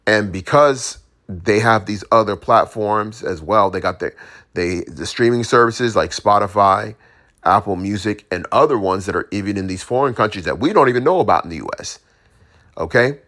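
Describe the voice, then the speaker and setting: A man's voice: fairly low pitch, normal speed, a bit bright. A man giving his opinions in a casual, slangy monologue, full of restarts and asides to the listener. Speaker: commentator.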